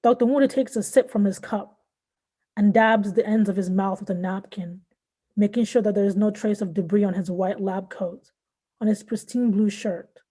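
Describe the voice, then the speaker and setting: Mellow-voiced woman reading her fiction. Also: mid-range voice, fairly even intonation, normal speed, breathy edge. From born in Nigeria, raised in Southern California. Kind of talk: literary reading.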